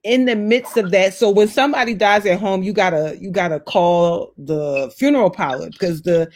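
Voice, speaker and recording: A woman in her forties telling personal stories in a casual, heartfelt conversation, acting out what people said with big pitch jumps. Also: moderate pace. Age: 40s. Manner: animated storyteller, acts out voices with big pitch jumps.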